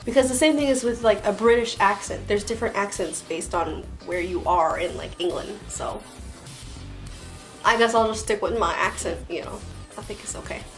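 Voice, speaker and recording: A woman's voice: mid-range voice, normal speed, faint music behind, poor audio. A young woman with a Floridian American accent, chatting casually through a tag video with lots of "like" and "um". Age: young adult. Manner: chatty and rambling, many "like" and "um" fillers. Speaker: vlogger.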